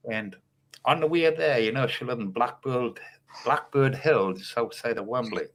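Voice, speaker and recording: A man's voice: mid-range voice, normal speed, fairly bright tone. A man rambling and swearing his way through a casual livestream chat as a guest. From North East England. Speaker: guest streamer.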